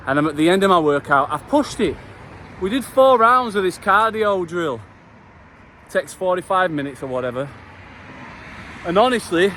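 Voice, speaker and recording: A man's voice: fairly high pitch, fairly bright tone, slight background noise. A man talking straight after a workout, delivering an earnest motivational vlog message with passion and the odd swear word. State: just finished a workout. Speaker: vlogger.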